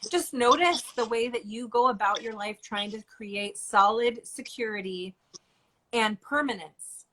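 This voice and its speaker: A woman hosting a casual online chat, talking in an animated way, swearing and laughing now and then. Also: on the high side, a little slow. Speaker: host.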